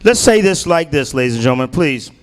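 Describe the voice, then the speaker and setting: A middle-aged man from Washington, D.C., doing a stand-up comedy set in a loud, punchy, profane way. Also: fairly high pitch, big pitch swings, a little fast, clear, resonant tone. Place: comedy stage.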